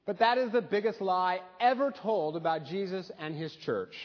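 A man preaching a sermon with a fairly high voice, his tone easy and storytelling, with dry humor. The sound carries a long echo from the church. The recording is a little dull and muffled. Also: moderate pace. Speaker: pastor. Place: church sanctuary.

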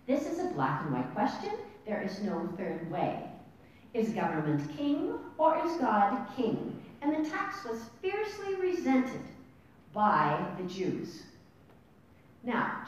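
Animated woman teaching in an echoey hall. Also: slow, lo-fi sound. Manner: animated, asks the class questions. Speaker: Bible study teacher. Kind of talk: teaching a women's Bible study. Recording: distant mic in an echoey room with rumble.

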